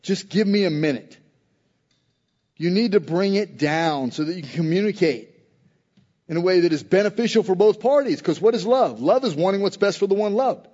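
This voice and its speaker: High-voiced preacher, dull lo-fi sound. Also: male voice, lively intonation, a little fast, warm tone, big-room sound. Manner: emphatic, conversational preaching with acted-out quotes. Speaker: pastor. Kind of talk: sermon.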